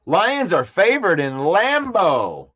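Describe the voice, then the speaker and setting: High-voiced, excitable sports-talk man. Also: slow pace. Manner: excitable, trash-talking, repeats himself. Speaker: sports show host.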